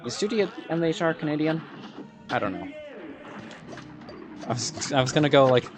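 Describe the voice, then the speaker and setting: A gaming creator with a higher, expressive voice talks at normal speed with long pauses, rambling sarcastically to himself during gameplay and occasionally bursting out in frustration. Music plays underneath.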